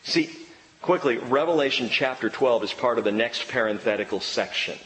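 A man preaching an expository sermon, emphatic and animated, swinging between excited and low earnest tones. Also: moderate pace. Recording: long reverb of a large hall.

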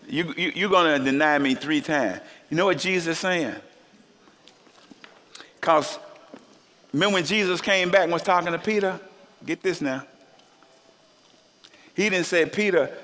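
A man delivers a lively sermon, joking with the congregation and frequently leaping into high-pitched voices to imitate the people he quotes. The hall gives his words a long, lingering reverb.

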